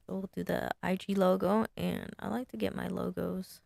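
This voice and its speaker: Muttering and thinking aloud at her desk mic, a woman sign designer casually walks through her design work on a screen share. She has a lowish, creaky, somewhat dark voice with a level tone, speaking at a moderate pace with hardly any pauses. The studio-quality recording has no room sound.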